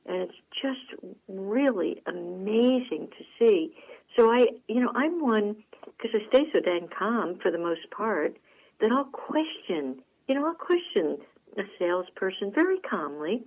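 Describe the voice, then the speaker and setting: A woman hosting a radio talk show, telling stories to listeners in a folksy, animated way. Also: mid-range voice, unhurried, phone-quality sound. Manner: folksy, animated storytelling with frequent laughs. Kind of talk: chatty monologue to listeners.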